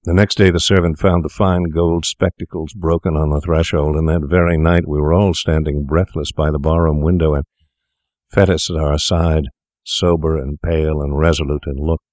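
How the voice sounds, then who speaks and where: Very deep-voiced male audiobook narrator. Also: flat delivery, darkish tone, dry recording, clean studio sound. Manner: measured, storytelling delivery. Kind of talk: scripted narration of a classic tale.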